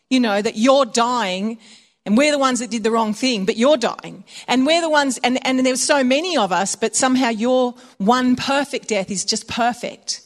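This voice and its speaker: A woman's voice: on the high side, moderate pace. A woman preaching a conversational sermon, telling personal stories and laughing often.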